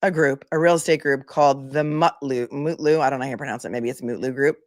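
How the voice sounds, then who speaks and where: A woman's voice: a bass voice, fast talker. A woman attorney giving casual commentary, chatty and incredulous, reading posts aloud. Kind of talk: casual commentary on a legal case.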